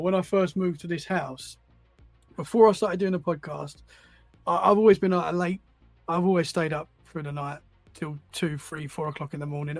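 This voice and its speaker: A man's voice: fairly high pitch, dry recording. A man, a podcast guest, telling stories in a rambling, casual way and often repeating words as he goes. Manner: rambling, repeats words while finding his thread. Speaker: podcast guest, paranormal enthusiast. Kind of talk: casual storytelling.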